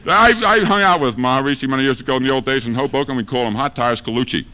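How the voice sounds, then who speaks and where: A man's voice: medium pitch, fast talker, sharp tone, a little hiss or hum. Profane rambling man, lo-fi archive. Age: 1970s live archive recording. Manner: rambling, profane, rhyming chants. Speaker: street preacher comedian. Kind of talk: irreverent stand-up monologue. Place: university lecture hall audience. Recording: dull lo-fi 1970s live recording.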